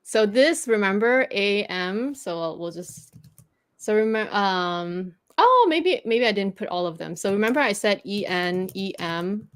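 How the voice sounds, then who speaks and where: A woman's voice: mid-range voice, animated, a little slow, clean tone. Female host with a French Canadian accent; patient, filler-heavy explanations, casual chat. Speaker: host teaching French pronunciation.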